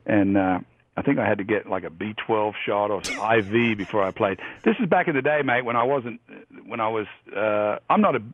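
A man in his fifties from Australia, telling profane, animated stories as a guest. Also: on the low side, fairly quick, slight background noise. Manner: profane, animated yarn-spinning. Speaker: guest golfer. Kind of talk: storytelling anecdotes. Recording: husky voice over a tinny phone line.

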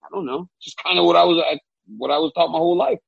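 A man from Louisiana co-hosting a casual talk show, telling animated stories and laughing often. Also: a little high, fast talker, vocal fry, slightly rough, dry recording. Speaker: co-host and fight analyst. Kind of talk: casual chat. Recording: dull, lo-fi, dry sound.

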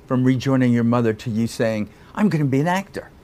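A man's voice: mid-range voice, animated, fast talker, darkish tone. Curious, teasing male interviewer. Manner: curious, teasing, laughs easily. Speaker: interviewer host. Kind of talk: studio interview.

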